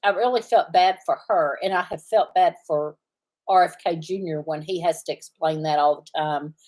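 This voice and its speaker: A woman's voice: deep voice, moderate pace, darkish tone. Rambling woman chatting live. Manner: rambling, often searching for words. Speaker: farm channel host. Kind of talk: casual livestream chat.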